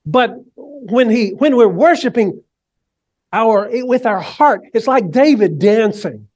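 A male preacher with a high voice delivers his sermon slowly and deliberately. He swings between quiet, low lines and soaring cries, and he has the congregation repeat phrases back to him. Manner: leads the congregation in call and response. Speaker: pastor.

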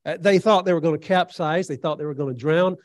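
A man's voice: fairly high pitch, no room sound. Earnest preacher man, dry close sound. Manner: earnest, halting with fillers, storytelling with dramatic quoted voices. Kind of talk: sermon.

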